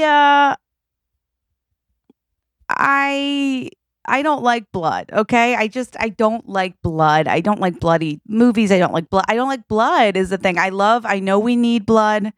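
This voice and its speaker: A woman in her thirties co-hosts a casual podcast, telling stories animatedly and acting out the people in them. Her voice sits at an ordinary middle pitch. The recording is close and dry. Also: measured pace, no room sound. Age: 30s. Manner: animated storyteller, acts out her own lines, peppers talk with "okay?" and "like". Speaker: podcast co-host.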